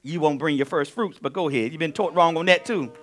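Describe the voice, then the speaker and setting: A male pastor teaching a sermon in an animated way, dropping to quiet asides and then rising to loud, emphatic bursts. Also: fairly high pitch, fast talker.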